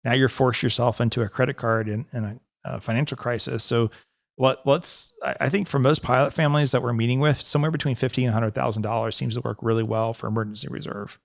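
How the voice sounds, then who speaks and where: On a financial advice podcast, a man who is both advisor and host chats casually, his voice at a typical male pitch with little rise and fall. He talks quickly and easily, with vocal fry, laughing often and restarting small bits as he explains things.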